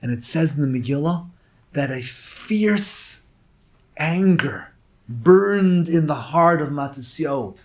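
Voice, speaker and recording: A man teaching a Torah lecture as a rabbi, emphatic and swinging between hushed and loud phrases. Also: fairly high pitch, lively intonation. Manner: slow, drawn-out emphasis.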